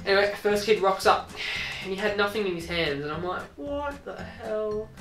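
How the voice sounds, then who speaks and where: Woman storyteller, crude and rambling, distant echoey sound with soft music underneath. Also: mid-range voice, fast. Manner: crude, rambling, switching into voices. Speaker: vlogger. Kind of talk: casual storytelling. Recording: echoey room, distant mic, faint music.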